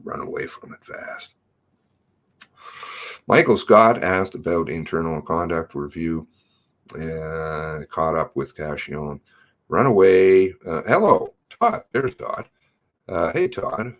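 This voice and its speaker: A man's voice: very deep voice, very animated, takes it slowly, fairly bright tone. A man hosting a casual livestream, greeting viewers by name and reading chat with a sardonic drawl.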